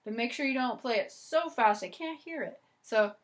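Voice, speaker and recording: A woman with a fairly high voice teaching a violin lesson on video. She talks in a chatty, encouraging way, starting lots of phrases with "so" and "okay". Loud violin playing fills the gaps between her phrases. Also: animated, normal speed, over loud music.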